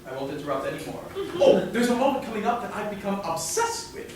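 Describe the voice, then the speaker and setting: Brief: man playing a chatty stage narrator, higher lively voice, distant echoey hall. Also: background noise. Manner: chatty, confiding, rambling asides to the audience. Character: wistful middle-aged man narrating his favorite musical record. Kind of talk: stage musical performance.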